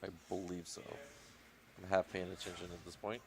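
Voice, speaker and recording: A man co-commenting on a video game match in a relaxed, wry way. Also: sits low, fairly quick. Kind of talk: casual live game commentary.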